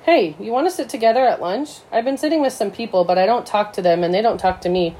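A woman's voice: medium pitch, fast, warm tone, close to an everyday voice, rough recording. A woman voicing a confident schoolgirl who speaks directly and kindly to a classmate. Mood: friendly.

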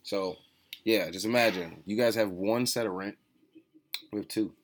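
A man's voice: lowish voice, moderate pace. A young man co-hosting a casual chat, telling stories with lots of swearing and acted-out quotes. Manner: swearing, animated storytelling with voiced quotes. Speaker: podcast co-host, store owner.

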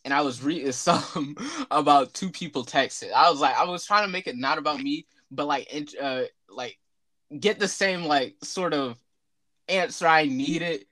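A man's voice: a little high, normal speed, dry recording. A fifteen-year-old boy chatting as a co-host, telling a story with plenty of laughter and casual swearing. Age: teens. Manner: animated, laughing often, swearing freely. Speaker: podcast co-host.

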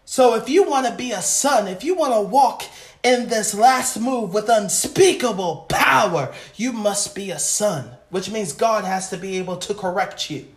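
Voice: medium pitch, lively intonation, a little slow, reverberant. A preacher delivering an impassioned sermon, calling out to the congregation.

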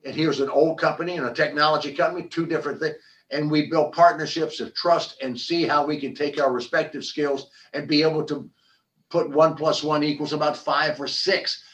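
Older man, interview guest, animated storytelling, repeats and restarts, slightly high voice. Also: a little fast, far from the mic, rough recording. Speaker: podcast guest, former football player and business founder.

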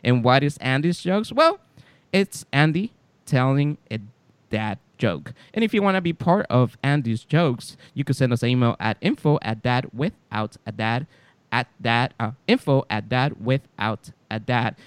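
A man's voice: mid-range voice, animated, measured pace, smooth, no echo. A man with a Latino accent co-hosting a podcast in casual, teasing chat. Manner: joking, teasing. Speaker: podcast co-host.

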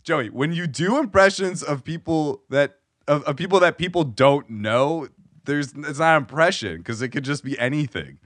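A man's voice: a little high, normal speed, fairly bright tone, no echo. A young man co-hosting a casual podcast, teasing his partner and swearing freely. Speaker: podcast co-host. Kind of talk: casual chat.

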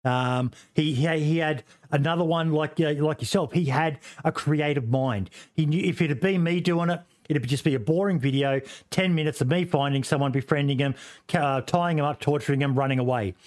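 A man's voice: fairly high pitch, a little fast, darkish tone. A man streamer chatting casually about games, rambling and swearing with lots of fillers and restarts. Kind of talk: casual gaming podcast chat.

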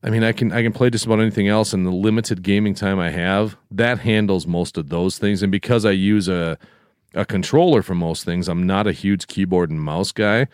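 A middle-aged man co-hosting a podcast, talking in a relaxed, rambling way with restarts. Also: deep voice, fairly quick, smooth, dry recording, clean studio sound. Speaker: podcast co-host. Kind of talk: casual chat.

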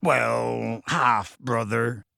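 A man voicing a huge, gentle half-giant man who is anxious and close to tears, speaking in hushed, earnest tones with rustic grammar. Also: medium pitch, fairly even intonation, extremely slow, vocal fry, no echo, voice pushed down, exaggerated voice.

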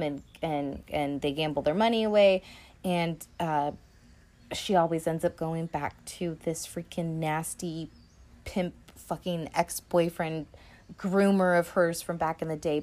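A woman's voice: fairly low pitch, darkish tone. Rambling, swearing woman host. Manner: rambling, swears often, many fillers. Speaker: podcast host. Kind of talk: casual film review chat.

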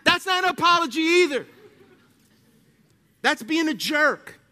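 A male pastor with a Southern US accent preaching a sermon, swinging from loud, animated preaching to hushed prayer. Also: very high voice, a little slow.

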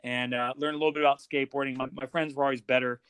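A man's voice: mid-range voice, rapid-fire, clear, resonant tone, no room sound. Rambling middle-aged man from Ohio. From Ohio, USA. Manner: relaxed, rambling, with many fillers. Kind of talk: casual chat.

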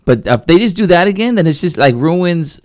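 Man, podcast co-host, lively voice, casual sports chat, dry. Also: a little high, brisk, no room sound. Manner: loose, swearing, laughing.

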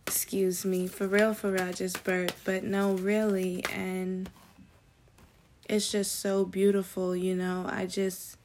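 A woman giving a casual tarot reading to her viewers, chatty and slangy with excited asides. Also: mid-range voice, slow, noisy background. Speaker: tarot reader.

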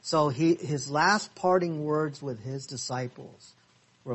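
Slow, husky-voiced Bible class teacher. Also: male voice, a little high, fairly bright tone. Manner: asks the class questions and repeats verses slowly. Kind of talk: interactive Bible study lesson. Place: church classroom.

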